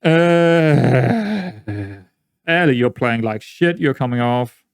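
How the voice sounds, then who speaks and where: A man's voice: fairly high pitch, slow pace, gravelly, smooth, no echo, studio quality. A man giving rambling, exasperated commentary while playing a management game, often repeating himself. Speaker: gaming YouTuber. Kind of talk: let's-play commentary.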